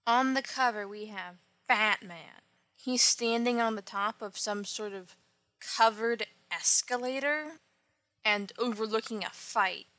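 A woman's voice: mid-range voice, bright, forceful tone, no room sound. A woman casually retelling an old comic book story, with wry offhand asides. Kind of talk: casual comic recap narration.

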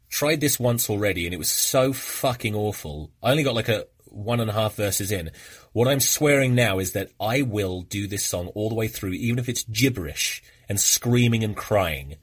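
A man's voice: fairly low pitch, animated, normal speed, breathy edge, no echo, clean studio sound. A man, hosting a solo podcast and ranting with profanity and sarcasm. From England. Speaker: podcast host. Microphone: close mic.

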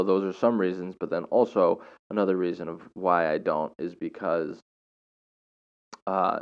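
A young man, a teacher, telling a personal story in a casual, animated way with lots of slang. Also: deep voice, clean tone. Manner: animated, slangy, dramatic retelling. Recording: dull lo-fi recording.

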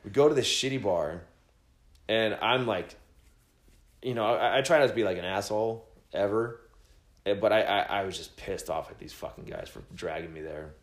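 A man casually telling a rambling, profane road-trip story, quoting friends with animated voices. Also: lowish voice, moderate pace, reverberant. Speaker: podcast host telling a story.

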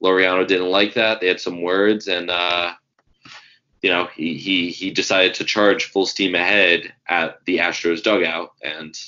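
A man's voice: sits low, steady tone, a little slow, bright, forceful tone. A man, co-hosting a casual sports podcast and telling rambling stories with fillers and swearing. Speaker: podcast co-host. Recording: dull lo-fi sound.

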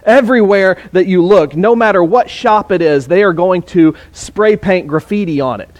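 A man's voice: high voice, moderate pace, darkish tone. A man preaching a sermon in a conversational way, with fillers and restarts.

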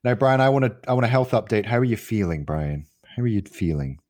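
Jokey, swearing podcast co-host. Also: male voice, lowish voice, expressive, fairly quick, darkish tone. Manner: swearing, jokey, acts out voices in his stories. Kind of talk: casual chat.

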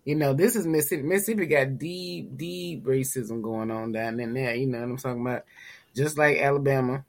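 A man's voice: medium pitch, fairly quick, vocal fry. A man, co-hosting a podcast in a loose, rambling way, full of "you know". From Tennessee. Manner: laid-back, rambling storyteller with frequent "you know". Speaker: podcast co-host. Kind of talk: casual chat.

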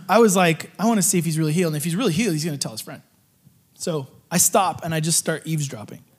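High-voiced excitable man telling testimony. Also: quick pace, breathy edge. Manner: animated, joking, excitable. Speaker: guest preacher. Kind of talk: storytelling testimony sermon.

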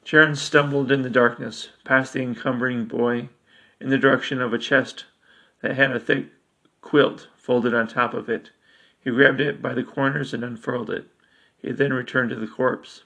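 A man narrates a dark story with a bright, forceful voice. He reads in a steady, measured way, line by line. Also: medium pitch, creaky. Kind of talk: dramatic story reading.

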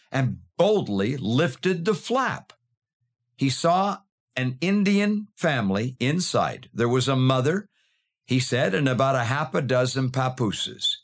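A male storyteller narrates at an unhurried pace, letting his pitch swing widely to shape each moment. His delivery is measured and expressive, like a host reading a scripted tale to his listeners.

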